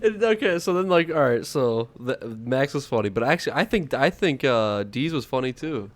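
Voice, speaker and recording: A man's voice: mid-range voice, lively intonation, normal speed. A young man co-hosting a casual podcast chat, giggling and trailing off as he talks. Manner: giggly, trails off mid-sentence. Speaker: podcast co-host.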